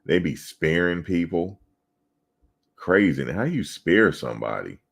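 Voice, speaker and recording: A man's voice: low-pitched, sing-song, measured pace, gravelly, a bit bright, slightly rough. A man, swapping loose, profane football stories in casual sports chat. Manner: loose, profane storytelling with laughter. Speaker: podcast co-host.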